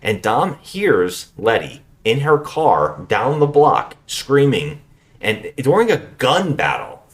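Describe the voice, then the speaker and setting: A man co-hosting a podcast, recapping a bad movie in casual chat, animated and swearing freely. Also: medium pitch, takes it slowly. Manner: animated, swearing, acts out scenes in loud put-on voices. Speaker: podcast co-host.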